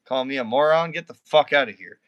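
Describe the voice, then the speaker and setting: A man's voice: medium pitch, fairly quick, muffled recording. A man streaming live, talking to his viewers, first mumbling and reluctant, then swearing and ranting at a viewer.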